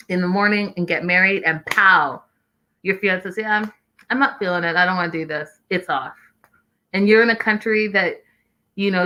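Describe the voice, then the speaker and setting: Bright-voiced woman hosting a lively recap. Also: fairly low pitch. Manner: expressive, exclaiming, acting out quotes. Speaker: podcast host recapping a reality show. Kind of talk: animated recap commentary.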